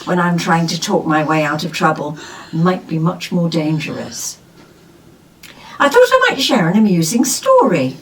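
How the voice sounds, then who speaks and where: A woman co-hosting a podcast, reading a listener's letter aloud in a lively, expressive way. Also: on the low side, normal speed, distant mic, a little hiss or hum, low-quality recording. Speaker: podcast co-host.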